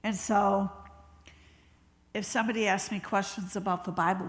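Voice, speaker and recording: A woman bishop preaching a sermon in a conversational, storytelling way, slowing down and dropping to a whisper when she acts out what people said. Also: medium pitch, fairly even intonation. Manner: laughs easily, talks slowly. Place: church sanctuary. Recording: long reverb of a church hall.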